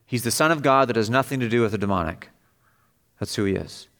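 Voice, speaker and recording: Preaching an expository sermon at a fast clip in a fairly bright voice, this man is emphatic, growing louder and higher in pitch as he drives home the vivid passages.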